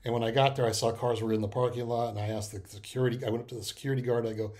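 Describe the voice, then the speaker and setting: A man's voice: medium pitch, little pitch movement, rapid-fire, darkish tone. A middle-aged man, hosting a podcast and telling a rambling, emotional personal story full of restarts and fillers. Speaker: podcast host. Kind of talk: casual personal monologue.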